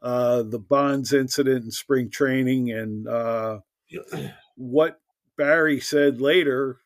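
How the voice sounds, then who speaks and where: A man's voice: medium pitch, fairly even intonation, takes it slowly. A man co-hosting a podcast, talking casually and conversationally with a guest. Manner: conversational, with many fillers. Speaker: podcast co-host.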